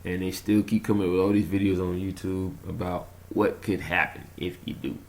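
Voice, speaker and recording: A man rambling through a casual vlog monologue, telling a story in an animated way, chuckling and trailing off while he searches for words. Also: deep voice, moderate pace. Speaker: conspiracy vlogger.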